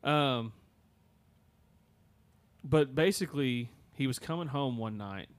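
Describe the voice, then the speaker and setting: A man of middle pitch tells a story on a podcast. His delivery is loose and conversational, and he often stops and restarts his sentences with lots of fillers. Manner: halting, many fillers and restarts. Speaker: podcast host. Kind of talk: casual storytelling.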